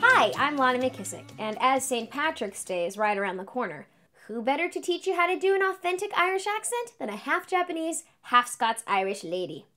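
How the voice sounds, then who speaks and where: Bouncy high woman in a mock tutorial. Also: very animated, a little fast. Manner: bouncy, playful, mock-earnest. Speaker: comedian teaching a mock lesson. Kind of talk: comic sketch, mock tutorial.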